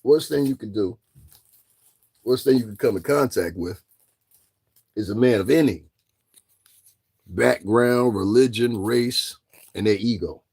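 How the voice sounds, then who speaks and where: A man's voice: fairly low pitch, unhurried, vocal fry, pauses often, darkish tone, breathy edge. A man giving casual commentary as a vlogger, talking straight to his listeners and firing off taunting rhetorical questions. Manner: addresses listeners directly.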